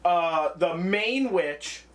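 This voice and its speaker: A man's voice: sits high, animated, very slow, a bit bright. A man co-hosting a casual movie review podcast, retelling scenes in a rambling, heavily profane way. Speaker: podcast co-host.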